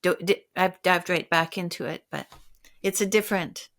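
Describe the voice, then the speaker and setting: A woman's voice: lowish voice, fairly even intonation, moderate pace, fairly bright tone. An older woman hosting a podcast interview, reflective and sharing personal stories. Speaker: podcast host. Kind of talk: conversational interview.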